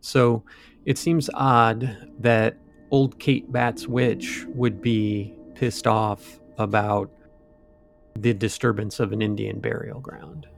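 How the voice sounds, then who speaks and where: A man's voice: lowish voice, level tone, slow, creaky, faint music behind. A man co-hosting a podcast, retelling a ghost story in a loose, rambling way with asides and fillers. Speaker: podcast co-host.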